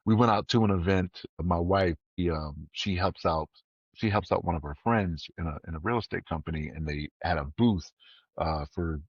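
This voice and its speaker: A man co-hosting a podcast in casual chat, an animated storyteller who acts out the voices of people he quotes. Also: low-pitched, normal speed, breathy edge, dry recording, highs cut off. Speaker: podcast co-host.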